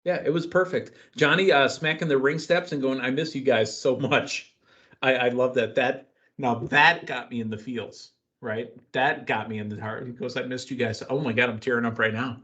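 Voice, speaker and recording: A man hosting a casual wrestling podcast, excitable and jokey, telling the story of a show. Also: mid-range voice, moderate pace, hardly any pauses. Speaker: podcast host. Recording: dull lo-fi sound.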